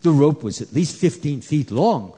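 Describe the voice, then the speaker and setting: A man telling a story to children at a temple, animated, asking them questions and hushing them. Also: a little high, moderate pace, husky. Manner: animated, asks the kids questions, hushes them. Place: temple hall. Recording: echoey hall.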